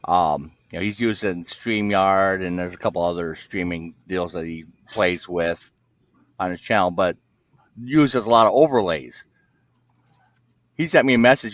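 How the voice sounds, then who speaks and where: A man's voice: sits low, unhurried, dry recording. Chatty man on dull, dry audio. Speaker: guest chatting on stream. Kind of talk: casual chat.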